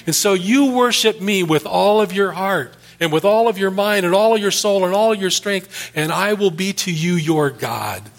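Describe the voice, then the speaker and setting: Preacher doing a booming, higher-pitched divine voice; stern, scolding, commanding. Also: male voice, expressive, normal speed, pushed and bright, breathy edge, exaggerated voice. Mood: stern rebuke. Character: stern forceful male God rebuking a prophet.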